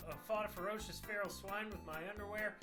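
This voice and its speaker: A boastful ladies' man who rattles off his exploits in a bragging, rambling way, as a man reads him. His voice sits high for a man, with music clearly playing behind. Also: fairly even intonation, fast talker, lightly acted.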